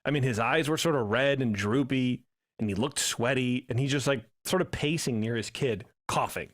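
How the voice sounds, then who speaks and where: In clean studio-quality sound with no echo, a man with a mid-range voice co-hosts a podcast at a moderate pace. He chats casually and tells a story animatedly, acting out the quotes.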